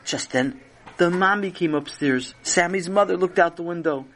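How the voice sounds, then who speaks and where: A man narrating a children's story with animated, dramatic storytelling. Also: sits high, normal speed.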